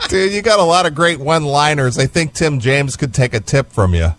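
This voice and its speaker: A man's voice: a little high, brisk, a bit bright, a little hiss or hum. A man hosting a talk radio show, laid-back and profane, chuckling through casual banter and taking calls.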